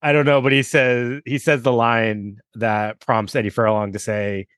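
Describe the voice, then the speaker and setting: A man's voice: medium pitch, level tone, unhurried, fairly bright tone, clear, resonant tone, no room sound, studio quality. A man hosting a casual interview, asking questions as an eager fan and often hesitating mid-question. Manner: fan-like, hesitant with fillers and restarts. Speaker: interviewer host.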